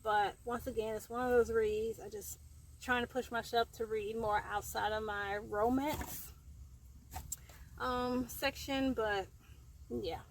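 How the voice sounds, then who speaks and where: A book vlogger, a young woman, talks casually to her self-framed camera outdoors in the heat, rambling with fillers and somewhat winded. She speaks slowly in a steady, slightly high voice, on a rough recording with slight background noise.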